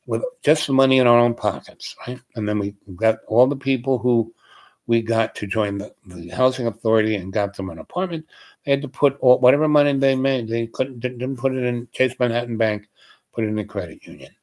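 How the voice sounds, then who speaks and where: A man's voice: medium pitch, a little fast, a little mellow. An older man telling a casual, meandering story from his past, leaning on "you know" and other fillers as he talks. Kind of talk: casual rambling reminiscence.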